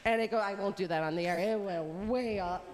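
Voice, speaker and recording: A woman from Southeast Wisconsin, a radio guest telling a story in a lively, chatty way. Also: mid-range voice, big-room sound, background noise. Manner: lively, chatty, quick bursts. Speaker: guest caller on radio show. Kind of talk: casual storytelling. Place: resort hotel on location.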